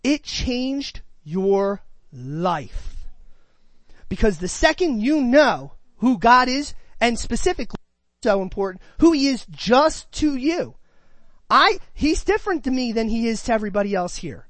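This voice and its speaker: A man's voice: extremely high pitch, big pitch swings, a little slow, a bit bright, no room sound. A man preaching a sermon, reading scripture and asking his congregation questions with emphatic delivery.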